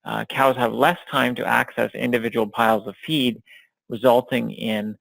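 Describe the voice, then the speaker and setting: A man giving a recorded academic lecture over slides, talking in a measured way with many fillers and restarts. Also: mid-range voice, little pitch movement, gravelly, a bit bright, no room sound, poor audio. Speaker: dairy science researcher and lecturer.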